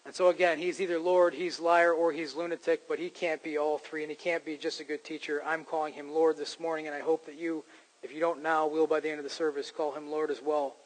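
A man's voice: on the high side, little pitch movement, fairly quick, poor audio. A man preaching a sermon to his congregation, in a conversational style that rises to emphatic points. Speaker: pastor.

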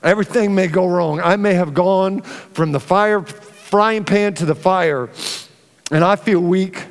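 Pastor, middle-aged man, high voice, lively storyteller, stage mic in a big reverberant sanctuary. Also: a little slow. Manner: animated storyteller, acts out family dialogue. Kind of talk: sermon with personal story. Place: church auditorium. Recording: long hall reverb.

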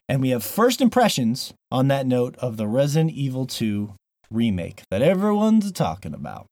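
A man's voice: mid-range voice, darkish tone, no echo. A man hosting a gaming podcast, opening the show in a playful, jokey way with lots of fillers. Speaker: podcast host. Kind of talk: casual podcast intro.

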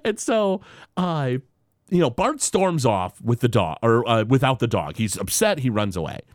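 Animated man recapping a cartoon. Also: medium pitch, dry recording, clean studio sound. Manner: animated retelling with quick quoted impressions, frequent fillers. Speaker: podcast host. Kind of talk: casual chat recapping a cartoon episode.

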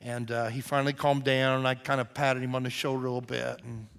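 A man's voice: mid-range voice, little pitch movement, fast, gravelly, fairly bright tone, clear, resonant tone. A man preaching a sermon, telling a personal story in a conversational way that turns emphatic and earnest. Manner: conversational storyteller, grows emphatic and intense at the close. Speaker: pastor.

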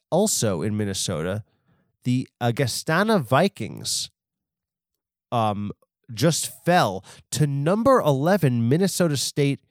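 A young man hosting a podcast, riffing on news in a rambling, profane way and swinging into loud mock outrage. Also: medium pitch, no room sound, clean studio sound. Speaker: podcast host. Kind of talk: casual comedic news riff.

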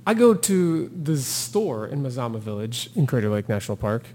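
A man's voice: medium pitch, normal speed, big-room sound, a little hiss or hum. Man telling a trail story with feeling. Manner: animated storyteller who acts out quotes and laughs. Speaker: podcast guest, thru-hiker. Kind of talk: casual storytelling interview.

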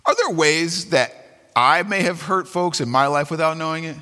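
A man preaching a sermon as pastor, animated and dramatic, acting out quotes with sudden swings in his voice. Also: on the high side, normal speed, in a large hall.

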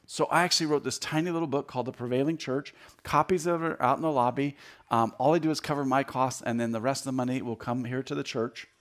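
Man, fifties, guest preacher, conversational sermon, jokes and repeats words, louder on key points. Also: medium pitch, fairly even intonation, fast talker. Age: 50s. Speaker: guest speaker. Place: church sanctuary.

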